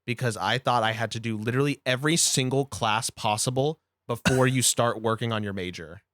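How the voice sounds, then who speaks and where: A young adult man, a podcast producer, talking about his life in a relaxed, rambling way as a guest. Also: mid-range voice, a little fast, no echo, clean studio sound. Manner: relaxed, rambling, repeats himself. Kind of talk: casual interview chat.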